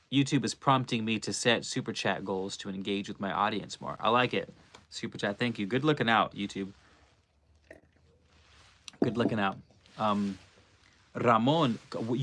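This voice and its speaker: Male streamer with a fairly low voice, laid-back slangy chatter, thinking out loud to chat. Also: normal speed, pauses often. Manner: loose and slangy, musing aloud. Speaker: livestream host. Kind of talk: casual livestream chat.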